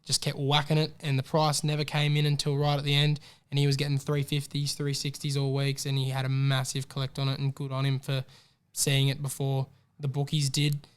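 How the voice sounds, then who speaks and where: Chatty man with a smooth voice. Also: medium pitch, fairly quick. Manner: chatty, excitable, gives shout-outs. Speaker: podcast co-host. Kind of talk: casual racing tips chat.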